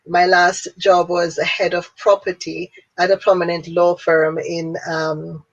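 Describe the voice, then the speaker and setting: A woman in her fifties from Jamaica, with a Jamaican accent, telling her story as an interview guest in an animated way and laughing often. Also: on the low side, unhurried. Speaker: guest, speaker and businesswoman. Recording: dull lo-fi audio.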